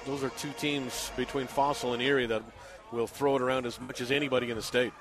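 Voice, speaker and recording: A middle-aged man calling a high school football game live for radio from a packed outdoor stadium, building to shouts on big plays. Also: flat delivery, fast talker. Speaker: radio play-by-play announcer. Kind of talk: live sports play-by-play commentary.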